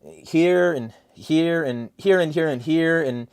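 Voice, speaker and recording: A man's voice: on the high side, a little slow, clear, resonant tone, no echo. Profane, rambling man ranting about politics. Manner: profane, rambling, animated rants. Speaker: podcast host. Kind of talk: casual political chat.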